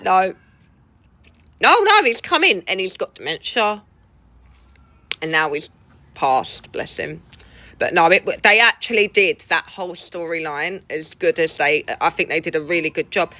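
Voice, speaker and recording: A woman chatting with her livestream viewers, laughing often and swearing casually. Her voice sounds bright and crisp at mid pitch. The sound is dry and close to the mic. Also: no echo. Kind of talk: casual chat with live viewers.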